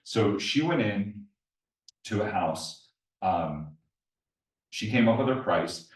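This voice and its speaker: A man's voice: lowish voice, lively intonation, slow pace. A man giving a live presentation at an investor meetup, telling stories and putting questions to the audience. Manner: storytelling, addresses the audience directly with questions. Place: meeting room with a live audience. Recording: echoey room, mic at a distance.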